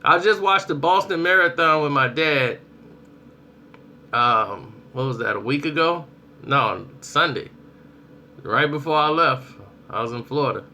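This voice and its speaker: A young adult man giving casual spoken commentary on his channel, telling stories in a lively way and acting out people's reactions. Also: fairly high pitch, unhurried, long pauses. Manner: animated storytelling, acts out reactions. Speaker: vlogger.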